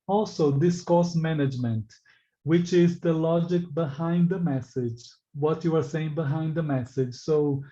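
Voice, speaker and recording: A man's voice: a little high, warm tone, lo-fi sound. A man teaching an English exam class, articulating his sounds with care and asking the students questions. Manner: slow, deliberately articulated teaching delivery; engaging, asks the class questions and reacts to answers. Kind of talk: live online class.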